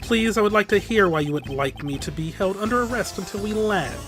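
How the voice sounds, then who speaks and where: A man's voice: high voice, lively intonation, a little fast, a bit bright, soft background music. A man voicing a young female flight attendant in a raised, polite, nervous voice.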